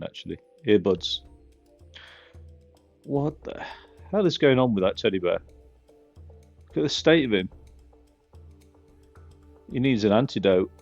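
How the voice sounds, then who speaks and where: A man with a low, gravelly, somewhat husky voice chats through a game, rambling and cracking dry jokes along the way. The recording is dull and lo-fi, with faint music underneath. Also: a little mellow. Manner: rambling, joking, wry asides. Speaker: gaming video host. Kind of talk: casual gameplay commentary.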